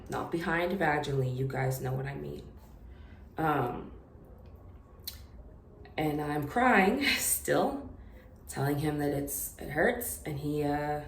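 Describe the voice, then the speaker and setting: A young woman telling a personal story to camera in an unedited confessional vlog, halting and hesitant, with many fillers and restarts. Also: low voice, gravelly. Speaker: vlogger. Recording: echoey room with faint noise.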